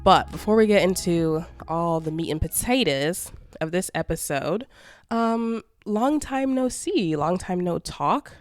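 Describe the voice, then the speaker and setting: A woman's voice: fairly low pitch, measured pace, soft background music. A woman in her twenties hosting a casual solo podcast, chatty and sassy, talking through a congested nose and sore throat. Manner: chatty and sassy, calling listeners babes and girl. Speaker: podcast host.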